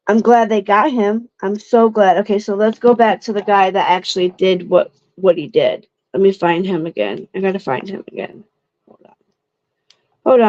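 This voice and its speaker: A woman's voice: mid-range voice, darkish tone, dry recording. A young adult woman from Ohio commenting casually on true crime cases for her viewers, emotional and indignant, stumbling over words. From Ohio, United States. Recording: dull lo-fi dry sound.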